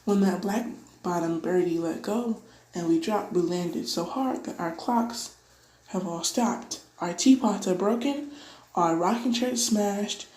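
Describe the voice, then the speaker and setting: A woman's voice: mid-range voice, slow pace, a little mellow, echoey room, natural voice, poor audio. A woman voicing a tiny, grateful male mayor in a piping, polite voice. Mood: pleading.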